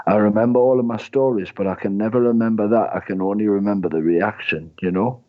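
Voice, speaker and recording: A man's voice: on the low side, moderate pace, warm tone, muffled recording. A man in his twenties with a Northeast English accent, a comedian guest chatting in a rambling, jokey, self-deprecating way. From Northeast England. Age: 20s. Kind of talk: casual interview chat.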